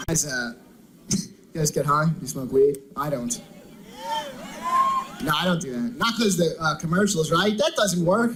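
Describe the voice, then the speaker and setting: A man's voice: high-pitched, normal speed, noisy background. A man doing a stand-up comedy routine in a conversational way, asking the crowd questions.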